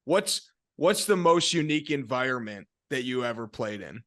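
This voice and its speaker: A man hosting a podcast who asks long, measured, rambling interview questions. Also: mid-range voice, lively intonation, fairly bright tone, dry recording, studio quality. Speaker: podcast host.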